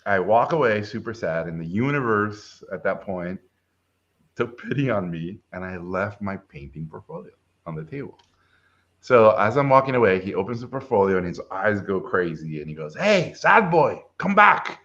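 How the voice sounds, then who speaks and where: Animated middle-aged man telling stories. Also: deep voice, moderate pace, lo-fi sound. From Mexico. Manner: animated, acts out quoted voices. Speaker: film director guest. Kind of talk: casual storytelling chat.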